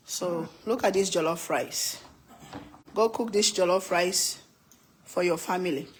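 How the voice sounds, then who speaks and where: A woman's voice: fairly low pitch, slight background noise. A middle-aged woman hosting a casual live cooking chat in her home kitchen, playful and laughing often. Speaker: cooking channel host.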